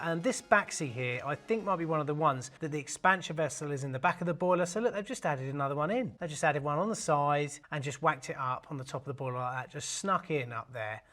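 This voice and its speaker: A man's voice: on the high side, fairly bright tone. A man, hosting a casual video in a cheeky, jokey manner. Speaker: host. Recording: faint music underneath.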